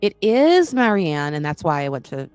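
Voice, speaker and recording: A woman's voice: low-pitched, very animated, normal speed, a little mellow, clean tone, no room sound, faint music behind. A woman hosting a casual podcast chat, talking in a frank, rambling way and often breaking off mid-sentence to restart. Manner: rambling, frank, self-interrupting. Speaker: podcast host.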